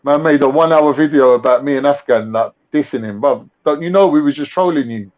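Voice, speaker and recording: On a casual livestream with lo-fi sound, a young man with a London accent trades mocking, slangy banter. His voice runs on the high side, and he talks slightly quickly.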